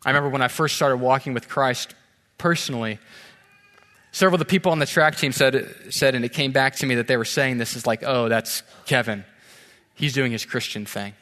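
A man preaching a sermon in a church, conversational and animated, asking the congregation rhetorical questions. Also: medium pitch. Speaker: pastor. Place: church sanctuary. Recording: long church hall reverb.

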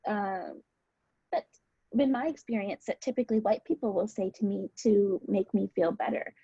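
A woman's voice: medium pitch, moderate pace, gravelly, warm tone, slightly rough, no echo, dull audio. A woman guest speaking candidly and reflectively about painful memories in a personal conversation, tearful at times. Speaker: podcast guest.

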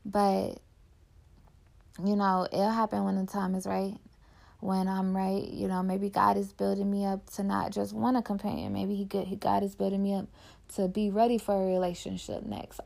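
Speaking at a moderate pace in a level, medium-pitched voice, this young woman has a creaky, slightly dark tone. On her podcast she shares heartfelt, candid personal reflections, packed with "like."

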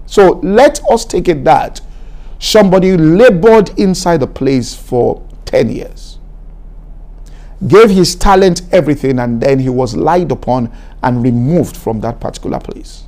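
Man preaching a sermon, kinda high voice but warm and mellow, keeps repeating himself for emphasis. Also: lively intonation, measured pace. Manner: preaching, rising to an emphatic raised pitch; repetitive, exhorting delivery. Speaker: pastor.

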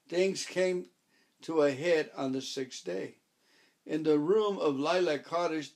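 A man narrating a first-person story as an audiobook, wry and measured, voicing his own dialogue. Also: on the high side.

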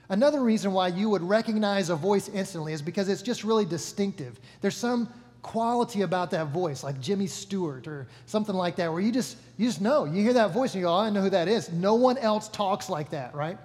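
Guy pastor with a pretty high voice, casual jokey sermon, lots of reverb from a big room. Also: darkish tone. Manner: casual, joking, self-correcting. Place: church hall. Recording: long reverb of a large hall.

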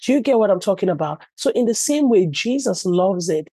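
A woman's voice: mid-range voice, expressive, brisk, dark tone, dry recording, rough recording. A woman pastor preaching conversationally and telling stories, with frequent "you know" asides.

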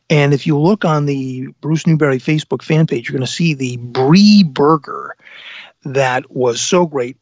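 A man's voice: fairly high pitch, no room sound, muffled recording. A man hosting a radio talk show live from an inn, chatting with enthusiasm and lots of fillers. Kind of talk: casual radio chat from a live remote broadcast. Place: inn dining room on location.

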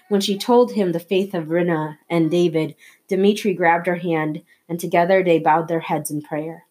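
A woman reading a novel aloud chapter by chapter, in steady, measured narration. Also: on the low side, breathy edge. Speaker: audiobook reader.

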